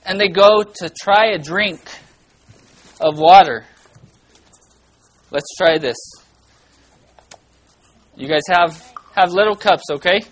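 A children's church teacher giving an animated Bible lesson, asking the kids lots of questions and breaking into loud, dramatic bursts. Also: mid-range voice, slow, pauses often, a little hiss or hum, low-quality recording.

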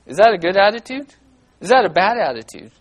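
Animated children's church teacher. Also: medium pitch, quick pace, low-quality recording. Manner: animated, asks kids many questions, loud bursts of dramatizing. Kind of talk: children's Bible lesson.

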